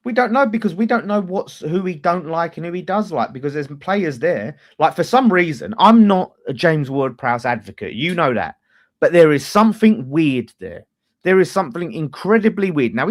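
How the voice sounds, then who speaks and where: A man's voice: on the high side, moderate pace. A man, hosting a fan channel and arguing about football in a casual, sweary debate. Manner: animated, swears freely, talks over others.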